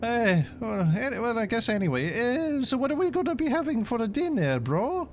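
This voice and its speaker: A man voicing an excitable, loud, stereotyped Italian man with a put-on Italian accent who calls everyone bro. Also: extremely high pitch, normal speed, slight background noise, pitched above the performer's own voice, heavily acted. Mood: excited.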